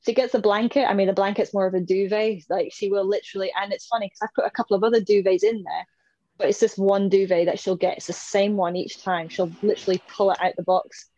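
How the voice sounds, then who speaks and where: A woman in her thirties chats easily as a podcast guest, laughing often. Her voice sits at a middle pitch. The sound is slightly dull and dry, with no room around it. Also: steady tone, fast, warm tone, no echo. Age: 30s. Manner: chatty, laughs often, acts out her dog's thoughts. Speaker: interview guest, swimmer. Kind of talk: casual interview chat.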